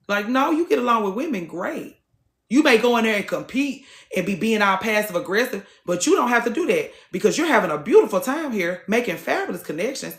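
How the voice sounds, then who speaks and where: A woman's voice: mid-range voice, very animated, fairly quick, reverberant. A woman hosting a TikTok live, talking casually to her viewers in a blunt, preachy way and swearing freely.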